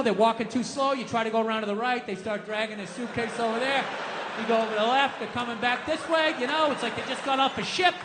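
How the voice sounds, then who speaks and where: A man performing a stand-up comedy set, ranting with lots of profanity and building up to shouted punchlines. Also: very high-pitched. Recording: live hall reverb, faint background noise.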